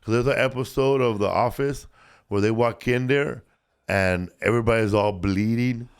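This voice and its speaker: A man's voice: medium pitch, moderate pace, smooth. A man co-hosting a casual podcast, rambling and swearing with lots of restarts and fillers. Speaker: podcast co-host.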